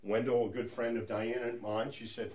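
A man's voice: medium pitch, flat delivery, normal speed, a little mellow. A middle-aged man leading a church Bible study in a conversational teaching style, chatty and prone to restarts. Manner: chatty, with frequent restarts and asides.

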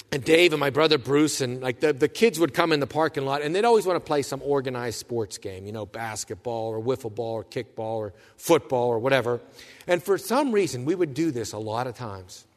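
A man preaching a sermon, telling stories with lively asides and acting out the voices of the people he quotes. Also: on the high side, long reverb tail. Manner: animated storyteller, acts out quoted voices. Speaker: pastor.

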